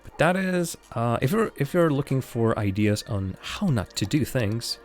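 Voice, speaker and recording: A man's voice: medium pitch, very animated, measured pace, faint music behind. A man chatting casually as he streams a city-building game live, thinking aloud with lots of fillers and poking fun at his own mistakes. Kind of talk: casual live gameplay commentary.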